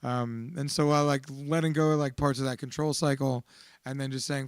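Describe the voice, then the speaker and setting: A man giving a raw, profane, confessional account of his fears, swinging between quiet reflection and shouting. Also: mid-range voice, steady tone, normal speed, no echo, studio quality. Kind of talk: emotional personal testimony.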